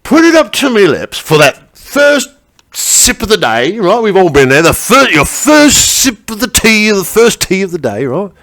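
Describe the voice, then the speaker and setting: Picture a high-voiced, flustered stand-up comedian from Essex with a thick English accent, as a man puts him on. He rambles, trips over his own words and keeps fishing for the audience's agreement. The tone is lively and eager to please. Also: unhurried, exaggerated voice. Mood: rambling. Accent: put-on English (Essex). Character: hapless English male stand-up comic from Essex.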